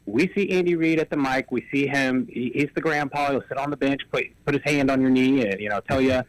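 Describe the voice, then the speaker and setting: Brisk analytical sports radio man. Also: mid-range voice, no room sound, low-quality recording. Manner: quick, analytical, piles up examples. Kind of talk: casual sports talk. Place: radio studio.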